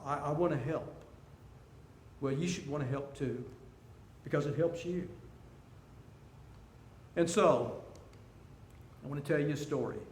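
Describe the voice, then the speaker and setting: This seminar speaker, a man in his sixties, livens up his talk with stories and jokes, using a fairly high but darkish voice. He goes a little slow and pauses often. Faint noise and room echo are audible.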